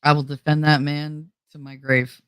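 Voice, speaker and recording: Middle-aged female host, casual and profane, quick to laugh; slightly low voice, dry recording. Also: level tone, a bit bright, clear, resonant tone, no echo. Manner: chatty, laughs often, swears freely. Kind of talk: casual chat to viewers.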